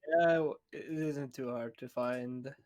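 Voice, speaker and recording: A man's voice: mid-range voice, fairly even intonation, slow, darkish tone. A man playing a tabletop game, with laid-back, joking banter. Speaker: player. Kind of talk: casual tabletop game play.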